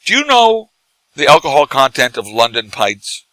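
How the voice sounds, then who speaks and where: A middle-aged man, drunk, telling animated stories in casual bar chat as a guest who acts and teaches comedy. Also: medium pitch, moderate pace, no room sound, low-quality recording. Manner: animated, laughing, tipsy anecdotes.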